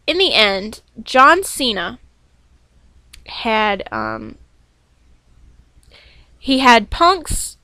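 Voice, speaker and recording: A young woman recapping a wrestling show in a casual, excited vlog, rambling and self-deprecating with lots of fillers and restarts. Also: sits high, no room sound. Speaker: wrestling fan vlogger reviewing a show.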